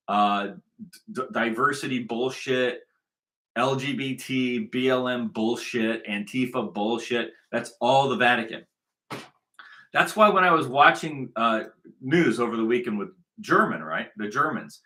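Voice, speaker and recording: A man's voice: mid-range voice, sharp tone. A man hosting a commentary show, ranting angrily and profanely, often repeating himself as he talks over played clips. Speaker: commentary host.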